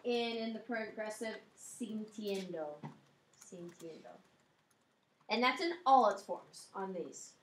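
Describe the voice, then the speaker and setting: A woman's voice: on the high side, normal speed, few pauses. A woman teaching a Spanish grammar lesson, explaining patiently and checking in with her listeners. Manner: explains patiently, checks in with "okay" and "all right". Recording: echoey room with faint noise.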